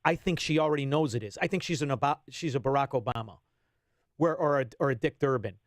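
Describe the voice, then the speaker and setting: A man, ranting bluntly as a radio guest and swinging between loud bursts and low asides. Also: fast talker, no echo, studio quality. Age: 50s. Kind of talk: heated political radio talk.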